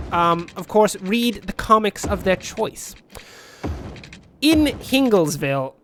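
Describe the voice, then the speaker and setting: A man commentating a city-building game in a rambling, jokey storytelling manner. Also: sits high. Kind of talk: let's play commentary.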